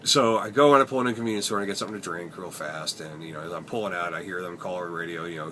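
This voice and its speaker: Give me a wry taxi driver rambling in his cab, lowish pitch, bright tone. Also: fairly quick, a little hiss or hum. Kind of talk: casual storytelling vlog. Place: inside his parked cab.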